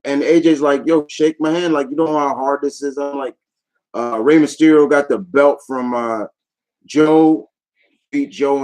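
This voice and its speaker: A man recaps things for his vlog audience in an easygoing, rambling way. His voice sits in an ordinary middle pitch. He sounds eager and often lets a thought trail off before moving on. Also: a little mellow, low-quality recording. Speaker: YouTube vlogger. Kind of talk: casual chat recap.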